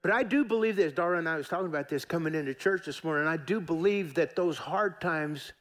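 A middle-aged pastor delivers his sermon a little fast, his fairly high voice carrying a fairly bright tone. He leans on repetition for emphasis, speaks in a folksy, forceful way, and addresses the congregation in asides.

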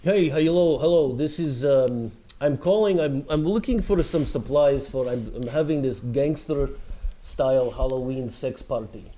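A man's voice: mid-range voice, dark tone, natural voice. A man voicing a prank caller with a put-on Russian accent that slides toward a Dracula voice, stammering and playing naive on a phone call. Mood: deadpan. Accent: put-on Russian, drifting toward a Dracula voice. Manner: halting, stammering, feigned naive.

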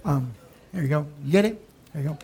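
A man teaching on the Bible in conversation, deliberate and emphatic, leaning on key words. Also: on the high side, expressive, crowd noise.

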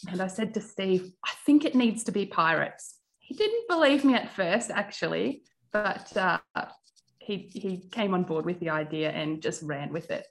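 A woman's voice: lowish voice, animated, moderate pace, poor audio. Cheerful chatty woman interview guest. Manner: cheerful, chatty, with frequent ums and laughs. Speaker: guest, primary music teacher and Braille educator. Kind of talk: casual interview.

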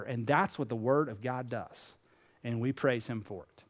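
A man's voice: medium pitch, moderate pace. A man preaching a sermon as pastor, earnest and emphatic, telling stories with voiced characters.

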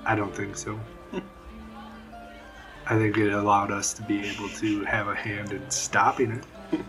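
A man plays a cynical, blunt brawler in a tabletop role-play, with a lowish voice and a dismissive edge. Faint music plays behind him. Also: monotone, unhurried, fairly bright tone, rough recording.

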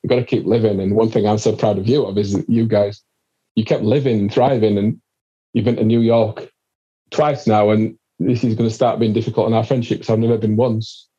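A man hosting a casual conversation, animated and encouraging, swearing casually as he talks. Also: fairly low pitch, a little fast, slightly rough. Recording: dull lo-fi sound.

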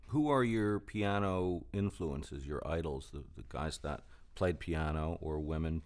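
A male host with an extremely deep, low voice asks his guest questions. He is friendly and chatty and sounds easy and conversational. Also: unhurried. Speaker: interview host. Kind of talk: casual interview talk.

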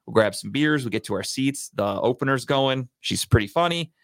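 A man co-hosting a podcast, telling a long story in a profane, animated, casual way. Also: medium pitch, a little fast, dry recording, clean studio sound. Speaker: podcast co-host.

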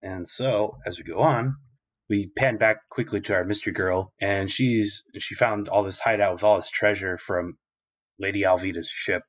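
A man's voice: lowish voice, moderate pace, fairly bright tone. A man co-hosting a podcast, recapping an episode in a rambling, filler-heavy, profane way. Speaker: podcast co-host. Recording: dull lo-fi recording.

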